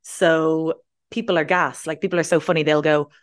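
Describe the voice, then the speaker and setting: Irish woman, language teacher, lively explainer, slightly low voice. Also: moderate pace. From Ireland. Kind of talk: explaining in an interview.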